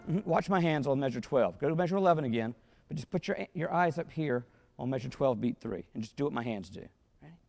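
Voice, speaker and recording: Gravelly man coaching a wind band. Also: medium pitch, lively intonation, fast, darkish tone, faint music behind. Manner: sings phrases in scat syllables to demonstrate; encouraging, instructive. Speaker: band clinician. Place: concert hall.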